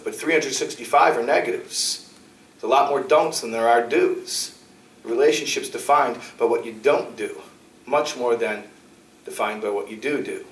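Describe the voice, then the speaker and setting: A male rabbi lectures in a lively storytelling style, acting out quick dialogue with sudden pitch jumps. His voice sits in a medium register. It sounds roomy and a little distant, as if picked up from across a lecture hall. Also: slight background noise. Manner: animated, acts out dialogue with shifting pitch. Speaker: rabbi giving a talk.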